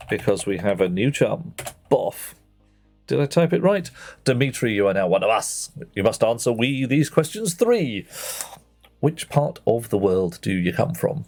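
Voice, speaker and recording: A streamer plays a game on a livestream while chatting playfully with viewers and greeting them by name. His mid-range voice is gravelly and warm.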